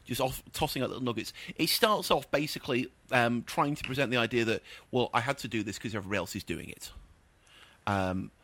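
A man's voice: mid-range voice, a little fast, pushed and bright. A man working as a film critic, giving a scathing, opinionated review in casual chat.

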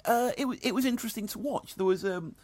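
A man's voice: high voice, fast talker, a little mellow, dry recording. A middle-aged man, giving dry, sardonic film and music reviews in casual radio chat.

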